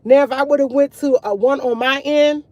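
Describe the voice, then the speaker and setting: A woman's voice: high voice, steady tone, moderate pace, mellow, dry recording, muffled recording. A woman chatting casually to her viewers over morning coffee, rambling and repeating herself as she tells stories. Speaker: vlogger.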